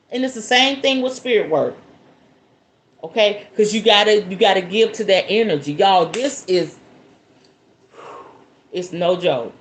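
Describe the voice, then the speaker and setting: Speaking a little slowly at medium pitch and pausing often, a woman with a Southern American accent from the Southern United States hosts a casual live spiritual talk answering viewer questions. She's folksy and chatty, calls listeners "y'all" and "baby," and breaks into laughter.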